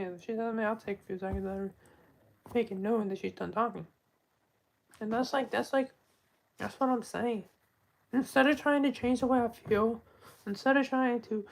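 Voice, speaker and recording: A woman talking in a casual live stream monologue, soft-spoken and heartfelt, often trailing off and restarting her sentences. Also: fairly high pitch, creaky, low-quality recording.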